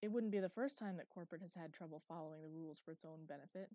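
A calm, measured middle-aged doctor, voiced by a woman reading an audiobook. He speaks evenly in a low, mellow tone. The recording is dry and close. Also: no room sound, lightly acted. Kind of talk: audiobook character voice.

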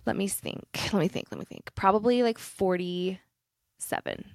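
A young adult woman co-hosting a podcast, telling a rambling story in casual chat, stopping and restarting herself with quick laughs. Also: mid-range voice, a little mellow, no room sound, studio quality. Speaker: podcast co-host.

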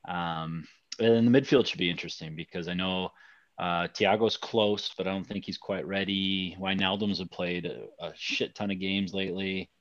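A man's voice: low voice, fairly even intonation, normal speed, no echo, dull audio. A man hosting a casual football podcast, talking hesitantly with many fillers. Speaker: podcast host.

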